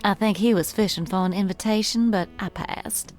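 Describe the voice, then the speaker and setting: A woman's voice: mid-range voice, normal speed, darkish tone, faint music behind, natural voice. A woman with a Southern US accent voicing a flirtatious, sweet baker in a dating game, with a sultry, affectionate drawl. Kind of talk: game voice acting.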